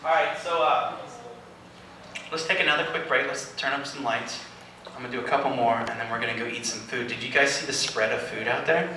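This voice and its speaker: A spoken-word poet reading to a live audience, slow and deliberate in his poems, rambling and laughing in his banter. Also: medium pitch. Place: indoor venue with live audience. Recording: echoey room, mic far off, faint noise.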